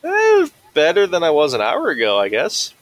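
A man's voice: a little high, wildly swooping pitch, moderate pace, dry recording, rough recording. A young man co-hosting a casual podcast, with dry, joking remarks. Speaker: podcast co-host. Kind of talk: casual chat.

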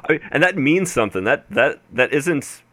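A man's voice: a little high, animated, normal speed, a bit bright, no echo. A man co-hosting a casual podcast chat, hedging his views and often restarting his sentences. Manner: hesitant, hedging, many restarts. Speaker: podcast co-host. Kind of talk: casual chat about a card game.

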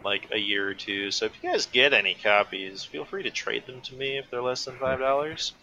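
On a casual podcast about a card game, a male co-host gives analytical, opinionated takes, leaning heavily on "like." His medium-pitched voice is a little fast, pushed and bright, and the audio is poor with slight background noise.

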